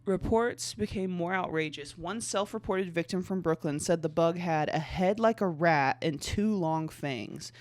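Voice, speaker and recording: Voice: mid-range voice, unhurried, few pauses, dry recording. Podcast host reading bug articles aloud. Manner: reads passages aloud with stumbles and restarts, filler "like" between.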